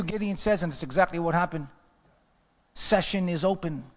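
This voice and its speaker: Fervent male preacher, high-pitched, reverberant hall sound, loud-to-hushed delivery. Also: moderate pace. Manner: fervent preacher, swinging from shouts to hushed asides. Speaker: pastor. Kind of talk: sermon.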